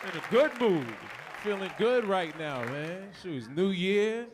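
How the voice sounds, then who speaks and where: A man doing stand-up comedy on a club stage, his voice high and swinging widely as he punches lines out. The live recording carries a loud audience and steady room noise behind him. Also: slow, over a noisy crowd. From United States. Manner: animated, loud punchy delivery with shouted bits.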